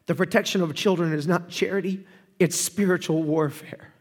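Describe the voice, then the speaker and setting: A man with a high voice delivers a sermon in a church hall with long reverb trailing each line. He tells stories animatedly and then drops into quiet, earnest passages. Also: normal speed. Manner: animated storytelling, swinging from loud to hushed. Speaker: preacher.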